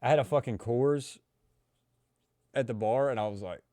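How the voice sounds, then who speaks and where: A man's voice: medium pitch, moderate pace, mellow, no echo, studio quality. A young man with a Louisville, Kentucky accent, chatting casually on a podcast, running his sentences together and swearing freely. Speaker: podcast host.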